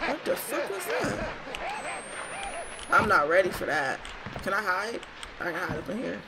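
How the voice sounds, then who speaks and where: A young woman giving casual, swear-filled commentary while playing a horror game and talking to her viewers, jumpy and quick to shriek. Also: medium pitch, huge pitch swings, vocal fry, very noisy. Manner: chatty, swears a lot, talks to viewers; jumpy, shrieks when startled. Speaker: gaming streamer.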